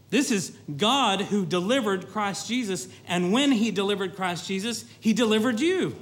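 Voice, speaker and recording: A man with a notably high voice preaching a sermon. He grows animated, quotes scripture in old-fashioned wording, and keeps checking in with his listeners. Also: moderate pace, few pauses. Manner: animated preaching, with rising excitement and repeated asides to the congregation; quotes scripture in older King James wording.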